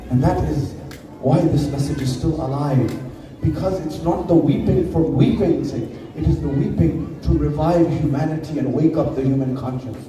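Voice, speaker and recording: A man giving a mourning sermon, telling the story slowly with repeated phrases and quoted dialogue. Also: a little high, warm tone, a little hiss or hum. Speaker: majlis speaker. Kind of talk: Muharram sermon narration. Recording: echoey hall, distant mic.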